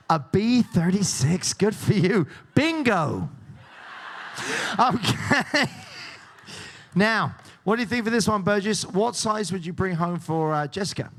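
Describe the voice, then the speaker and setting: Lively joking game show host man. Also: high-pitched, slow pace, slight background noise. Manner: joking, teasing contestants, laughing often. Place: cruise ship show lounge.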